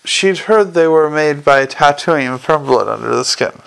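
A man reading a fantasy novel aloud as the narrator, in a steady storytelling manner. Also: a little high, measured pace, gravelly, clean tone. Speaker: audiobook narrator. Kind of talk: scripted narration.

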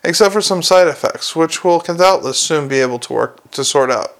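A man's voice: fairly high pitch, moderate pace, natural voice. A man voicing a weary, polite male alchemist in an audiobook reading, with a dry, understated delivery. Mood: gloomy.

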